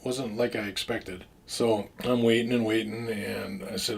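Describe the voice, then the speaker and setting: A man's voice: on the low side, steady tone, unhurried, vocal fry. A man casually telling a story from his own past, rambling with restarts and frequent swearing. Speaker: storyteller recounting his past as a drug dealer.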